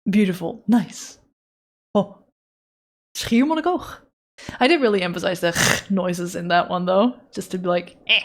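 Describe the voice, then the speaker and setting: A woman's voice: fairly low pitch, unhurried, long pauses. A woman from the Netherlands chatting casually with her live-stream audience while she draws, playful and joking, swearing freely.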